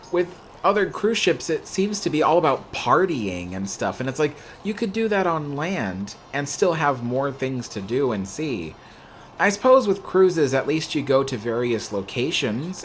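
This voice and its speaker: A man's voice: medium pitch, a bit bright, slight background noise. Rambling young man full of fillers. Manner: rambling, lots of "you know" fillers. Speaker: livestream host. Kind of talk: casual chat answering viewer questions.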